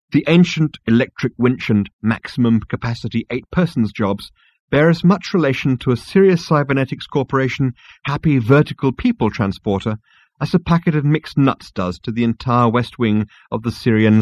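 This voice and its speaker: A man narrating a comic audiobook in a wry, expressive storytelling manner. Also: medium pitch, normal speed, dry recording, muffled recording.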